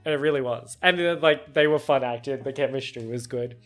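A man's voice: mid-range voice, fairly quick, faint music behind. A man with an Australian accent reacting to a film in casual chat, chatty and laughing often, with lots of fillers and some swearing. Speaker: movie reaction host.

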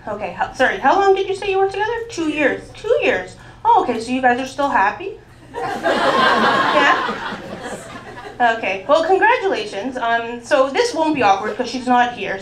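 On a comedy club stage before a live audience, a Mexican woman performs stand-up, chatty and teasing the crowd. Her voice is fairly high, very animated and fairly bright, at a normal speed. The club is echoey, with crowd laughter and slight background noise.

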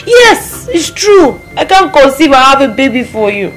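A woman's voice: high-pitched, big pitch swings, moderate pace, soft background music, low-quality recording. A woman with a Nigerian accent playing a childless wife who pleads with her husband and doctor in a film. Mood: tearful. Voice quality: tearful, pleading. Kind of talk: Nollywood film acting.

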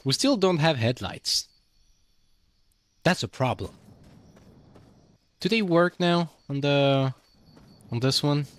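A man's voice: on the high side, animated, slow pace, pauses often. Profane, casual male game streamer. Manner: loose, profane, thinking aloud. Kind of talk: casual gameplay commentary.

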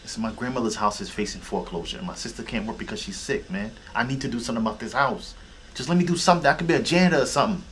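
A man's voice: mid-range voice, rapid-fire, background noise, natural voice. An actor playing a wry, talkative streetwise young man in screen scenes. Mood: pleading. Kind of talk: screen acting reel. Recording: music playing underneath.

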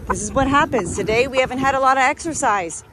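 A woman filming an outdoor farm vlog, shaken and breathless, who switches between sharply scolding her dogs and softly soothing her birds. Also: high voice, quick pace. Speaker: farm vlogger.

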